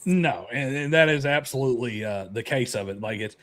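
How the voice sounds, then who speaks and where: A man's voice: medium pitch, animated, a little fast, fairly bright tone. A man hosting a podcast, chatty and opinionated, laughing easily. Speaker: podcast host. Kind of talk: casual podcast chat.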